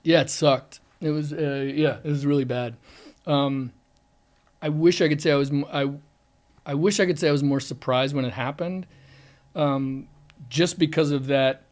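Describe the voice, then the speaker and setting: A man, an actor, speaking candidly in an interview with frequent restarts, sometimes dropping very soft. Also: fairly high pitch, fairly even intonation, moderate pace. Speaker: actor guest. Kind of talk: reflective interview.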